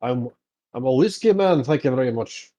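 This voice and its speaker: A man voicing a gruff, whiskey-loving fighter who talks loudly. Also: medium pitch, expressive, normal speed, dull audio, pitched above the performer's own voice, natural voice. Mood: indignant. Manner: loud and blustering.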